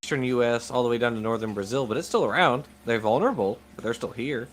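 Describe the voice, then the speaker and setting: A male co-host in a relaxed podcast conversation, calmly adding facts. His pitch sits in an ordinary middle range, and his delivery is laid-back and plain. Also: quick pace, a little hiss or hum. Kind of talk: casual conversation.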